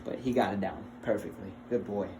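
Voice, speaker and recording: A man's voice: fairly low pitch, steady tone, fairly quick. A young man, a health assessment student, giving a casual demonstration at home; he is chatty and fumbling, laughs often and coaxes his dog. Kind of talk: casual recorded skills demonstration. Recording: roomy with faint noise.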